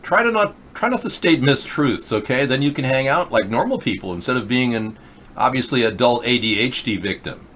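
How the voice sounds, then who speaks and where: A male host chats loosely on a livestream, wandering between asides and sarcastic jabs. His voice sits in a middle pitch. A faint background hiss stays under him throughout. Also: expressive, fairly quick, a bit bright. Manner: rambling, sarcastic, mocking chatters. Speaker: political talk show host. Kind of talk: casual livestream chat. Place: in the US Pacific Northwest.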